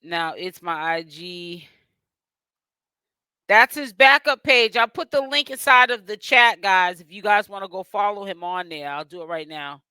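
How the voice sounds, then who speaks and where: A man's voice: sits high, unhurried, sharp tone, smooth, dry recording. Man from Boston hosting a live stream. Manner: chatty, addresses chat and guests directly. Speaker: livestream host. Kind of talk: casual livestream chat.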